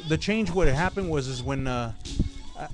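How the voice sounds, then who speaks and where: A man's voice: on the high side, normal speed, over music. A man telling street stories in an interview, acting out other people's lines and cursing freely. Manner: animated storyteller acting out quoted voices, profane. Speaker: graffiti artist guest. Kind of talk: casual storytelling in interview.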